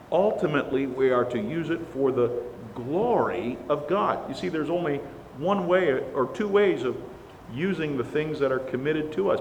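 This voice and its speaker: A man with a somewhat high voice preaches with earnest emphasis, leaning hard into the words he stresses. His voice rings out in a church sanctuary with a long reverb tail. A faint hiss sits under the recording. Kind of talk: sermon.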